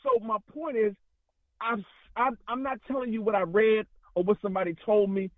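A man's voice: high voice, fairly even intonation, moderate pace, no room sound. A man calling in to a radio talk show, speaking in a fiery, rambling way and often repeating himself. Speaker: caller. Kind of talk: impassioned call-in talk. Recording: tinny phone line.

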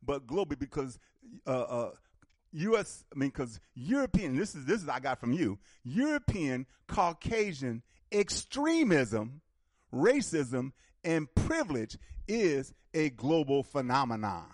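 A man's voice: a little high, big pitch swings, a little slow, dry recording, studio quality. A man hosting a call-in radio talk show, speaking emphatically and animatedly, often repeating words as he builds a point.

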